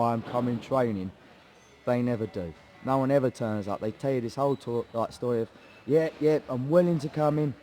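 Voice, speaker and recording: A man's voice: medium pitch, a little mellow, a little hiss or hum. Chatty English man telling a story. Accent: English, Hertfordshire. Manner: chatty, swearing, laddish banter, acts out quoted voices. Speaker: guest, MMA fighter. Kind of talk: casual storytelling interview.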